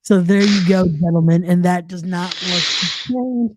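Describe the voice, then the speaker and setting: A man's voice: high-pitched, moderate pace, noisy background. Man hosting a wrestling podcast, repetitive. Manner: repeats words, playful trash talk. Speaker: podcast host. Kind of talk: casual wrestling podcast chat.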